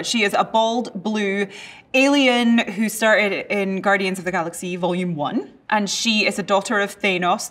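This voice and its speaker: Scottish woman, actor, casual interview, playful and chatty, mid pitch. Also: a bit bright. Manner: playful and chatty, reads questions aloud then answers. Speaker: actor answering web search questions.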